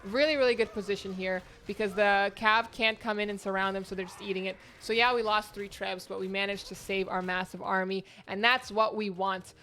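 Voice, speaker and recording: A woman hosting her own tournament and casting it live, giving chatty, excitable play-by-play from home. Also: mid-range voice, a little fast, few pauses, slight background noise. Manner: excitable, chatty, jumps between exclamations. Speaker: tournament host and caster. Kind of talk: live esports play-by-play commentary. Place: home, near the internet modem.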